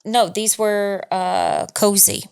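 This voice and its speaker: A woman's voice: mid-range voice, fairly even intonation, slow pace, darkish tone, clean tone. A woman from the Southern United States with a Southern accent, co-hosting a casual chat podcast in a chatty, easy-laughing way, tired from little sleep. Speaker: podcast co-host.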